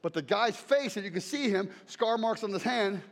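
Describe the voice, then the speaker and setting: High pitched guy preaching, emphatic, shouts stuff, big echoey hall sound. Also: normal speed. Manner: animated, emphatic, shouts key phrases. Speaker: traveling preacher. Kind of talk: sermon.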